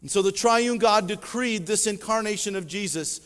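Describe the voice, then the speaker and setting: Male pastor, high voice, emphatic preaching style, church hall reverb. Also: moderate pace, fairly bright tone. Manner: preaching with emphatic swells and drops. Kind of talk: sermon. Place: church sanctuary.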